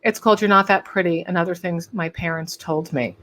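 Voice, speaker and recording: A woman hosting an interview, chatty and quick to laugh, reading out comments from viewers. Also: fairly low pitch, fairly bright tone. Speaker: podcast host. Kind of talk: casual interview chat.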